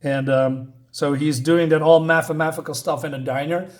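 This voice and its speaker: A man with a somewhat high-pitched voice talks through a comic book review in a loose, casual way. He rambles, stops to rant, and restarts his sentences over and over, filling the gaps with ums and uhs. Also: steady tone, moderate pace. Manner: rambling, ranting, lots of fillers and restarts.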